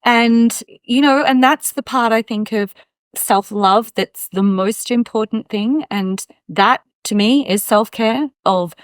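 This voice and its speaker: A middle-aged woman hosting a podcast, talking in a reflective, measured way. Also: fairly high pitch, clear, resonant tone, dry recording, studio quality. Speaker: podcast host. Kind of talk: casual conversation.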